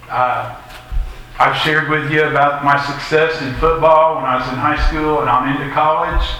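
In an echoey church sanctuary with faint ambience and slight background noise, a middle-aged male pastor preaches a sermon. His voice is a little high, bright, and forceful, and his delivery is folksy and conversational, sprinkled with personal asides.

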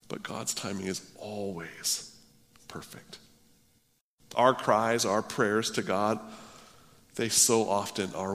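A man's voice: lowish voice, steady tone, slow pace, pauses often, fairly bright tone. A male pastor preaching a sermon, earnest and emphatic, stressing key words. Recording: long reverb of a large hall.

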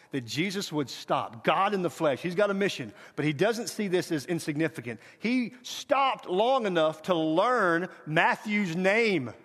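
Lively preacher in a big hall. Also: male voice, fairly high pitch. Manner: animated, swings from loud urging to quiet; calls the congregation to repeat after him. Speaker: guest preacher. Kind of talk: sermon. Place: church sanctuary. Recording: reverberant church hall.

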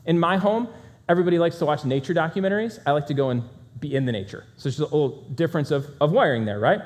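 A man giving a talk to a live audience, energetic and fast-talking, with self-deprecating humor. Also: a little high. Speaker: speaker.

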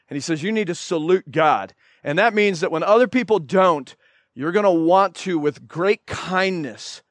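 An animated man delivers a sermon in a voice pitched a bit higher than most men's. The sound is dry and close, with little room echo. He slips into other people's voices as he tells stories. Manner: lively and animated, acting out voices in anecdotes. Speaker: pastor.

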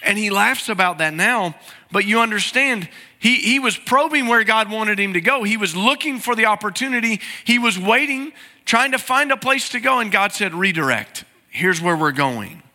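His voice sits high, pushed and bright, at a moderate pace as the pastor preaches with earnest pleading. The sermon takes place in a large sanctuary with reverberant sound.

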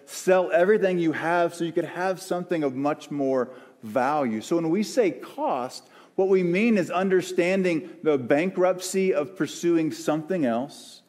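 A man preaching a sermon as the church's pastor, earnest and searching, with pauses and restarts. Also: on the high side, darkish tone. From American South. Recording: long hall reverb.

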